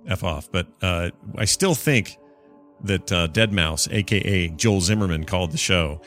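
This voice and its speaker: Excitable low-voiced podcast host. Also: male voice. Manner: excitable, rambling. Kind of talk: casual podcast talk.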